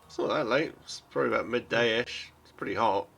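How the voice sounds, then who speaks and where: Man running a tabletop game, bright voice. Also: medium pitch, fairly quick, vocal fry, breathy edge. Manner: casual, hesitant with many fillers. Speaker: game master.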